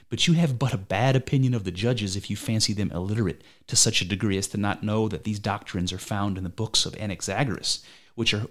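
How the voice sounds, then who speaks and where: A fairly low-pitched man with a fairly bright tone reads, amateur-style, as an old philosopher defending himself at trial. He is argumentative, probing his accuser with one pointed rhetorical question after another.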